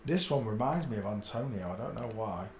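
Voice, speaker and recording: A man talks his way through a solo livestream, mostly muttering low to himself. Now and then he breaks into loud, excited outbursts. He is blunt and crude, and the sound carries the echo of a roomy room with a faint hum underneath. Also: brisk. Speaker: livestream host. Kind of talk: rambling solo livestream commentary.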